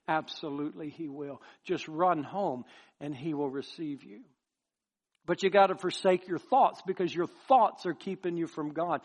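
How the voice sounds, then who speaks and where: A man preaching a sermon as pastor, impassioned and emphatic, turning soft and pleading at times. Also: fairly high pitch, moderate pace.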